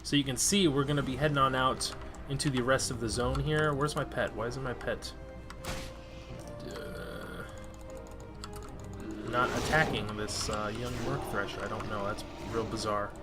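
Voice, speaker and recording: A man's voice: medium pitch, steady tone, moderate pace, long pauses, loud music behind the voice. A man chatting casually over his gameplay as a let's-play host, easily exasperated and swearing freely. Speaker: gaming video host.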